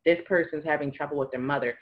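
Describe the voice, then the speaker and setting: A woman's voice: deep voice, fairly even intonation, fast talker, highs cut off. A woman giving casual spiritual advice to viewers, chatty and laughing now and then, acting out little dialogues as she goes. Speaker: spiritual advisor.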